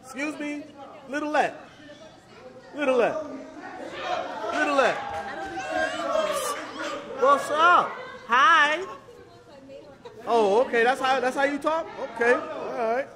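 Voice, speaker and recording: A woman's voice: sits high, takes it slowly, long pauses. A woman filming on a phone in a large hall and chatting playfully with children, teasing them in slangy talk. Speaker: person filming at a church kids' event. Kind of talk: casual chat with children while filming. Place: large indoor hall at a church festival. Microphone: handheld phone camera. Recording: noisy crowded hall. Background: crowd of chattering children.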